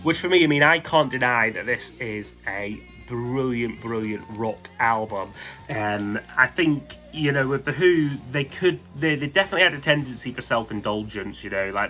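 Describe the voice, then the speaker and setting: A man's voice: medium pitch, sharp tone. A man casually talking through his favourite albums, rambling and enthusiastic, with lots of "like" and "um". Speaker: music vlogger ranking albums. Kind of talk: casual spoken album countdown.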